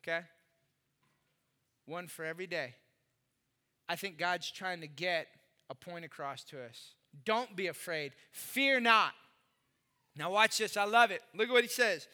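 A man preaching with a very high, piercingly bright voice. He talks straight to his listeners, punching some phrases and dropping others to a near hush. Everything carries a long, reverberant hall tail. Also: measured pace, pauses often. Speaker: pastor. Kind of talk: sermon.

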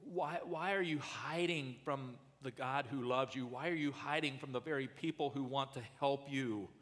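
A male pastor preaching a sermon in an earnest way, rising loud and then dropping soft. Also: mid-range voice, normal speed, big-room sound.

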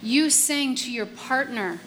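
A woman co-leading a sermon in a church, lively and emphatic. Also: fairly high pitch, slow. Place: church sanctuary.

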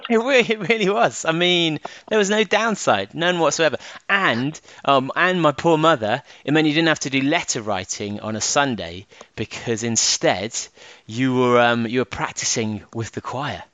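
Male co-host, bouncy pitch, dry close mic, chatty and giggly. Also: animated, moderate pace, fairly bright tone, dry recording. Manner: chatty, laughs often, swings between high and low. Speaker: podcast co-host. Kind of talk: casual chat.

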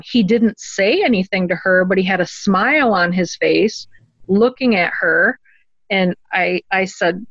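A woman's voice: mid-range voice, no echo. An earnest woman tells a personal story and acts out the people she quotes. Her voice sits in the middle of the range. The recording is dull and lo-fi, and dry. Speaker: interview guest.

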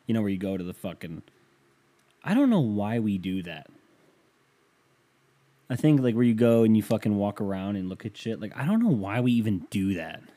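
A man's voice: on the low side, lively intonation, moderate pace, pauses often, dark tone. A man hosting a casual solo podcast, rambling and swearing freely while reading listener emails, from the United States. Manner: profane, rambling, sarcastic. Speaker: podcast host.

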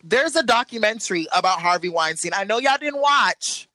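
A young man hosts a casual chat, telling stories with strong opinions. His voice swings widely and sounds bright. The sound is dry and close. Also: high voice, moderate pace, dry recording. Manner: animated, opinionated storytelling.

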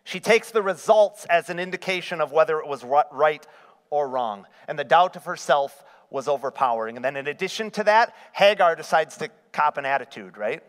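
A man's voice: fairly high pitch, expressive, fairly quick. Preaching man in a reverberant hall. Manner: rhetorical questions to the congregation. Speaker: pastor. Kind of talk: sermon.

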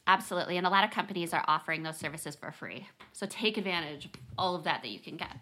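A woman's voice: fairly low pitch, quick pace, bright, forceful tone. A woman co-hosting a podcast, chatting casually and animatedly with frequent laughs. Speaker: podcast co-host. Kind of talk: casual chat.

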